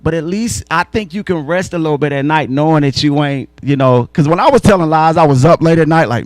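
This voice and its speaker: A man from North Carolina telling a story in relaxed, slangy talk, repeating phrases for emphasis. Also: a little high, fairly quick, few pauses, no room sound. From Asheville, North Carolina. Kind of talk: casual storytelling.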